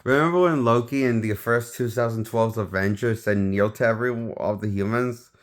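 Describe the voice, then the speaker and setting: Low-voiced man rambling through a review. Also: normal speed. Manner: rambling, restarts sentences, offhand opinions. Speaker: film reviewer. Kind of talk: casual spoken movie review.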